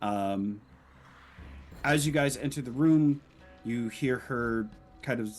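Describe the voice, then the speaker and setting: Game master guy narrating slow and laid back, lots of ums, faint music behind. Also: medium pitch. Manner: relaxed, many ums and uhs.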